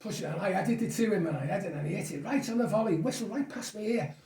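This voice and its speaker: A man in his 60s, a guest, reminisces in casual chat, rambling through stories and chuckling often. His voice is high, expressive, mellow, and fast, recorded off mic in an echoey room.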